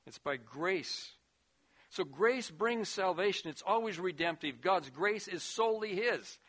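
A man preaching a sermon, earnest, rising to loud emphasis and dropping to a hushed voice. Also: high voice, animated, measured pace. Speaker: pastor.

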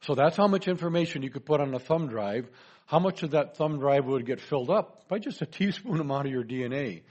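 A man's voice: a little high, animated, brisk, a little mellow, highs cut off. A man giving a chatty presentation lecture, joking with his audience. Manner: chatty, folksy, jokes to the audience.

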